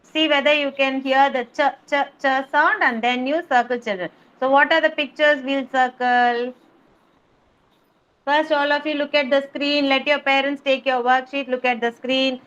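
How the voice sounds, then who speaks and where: Teacher lady on a video class, high bright voice, slow and patient with little kids. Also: fairly even intonation, dull audio. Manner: slow, drawn-out sounding of letters, patient repetition. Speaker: kindergarten teacher. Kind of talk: online phonics lesson for young children. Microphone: video call.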